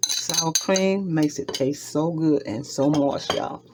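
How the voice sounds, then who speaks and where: A woman's voice: sits low, takes it slowly, very noisy. A woman, chatting with her viewers as she demonstrates a recipe in her home kitchen and repeats each step as she goes. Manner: chatty, talks straight to viewers, repeats steps. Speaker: home cooking vlogger. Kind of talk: casual cooking demonstration. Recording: clattering dishes and utensils nearby.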